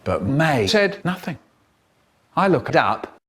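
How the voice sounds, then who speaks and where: A man telling a comic story with a playful, dramatic delivery. His voice sits fairly high and swoops widely in pitch, while he takes his words slowly. Music plays clearly behind him. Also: very animated, fairly bright tone.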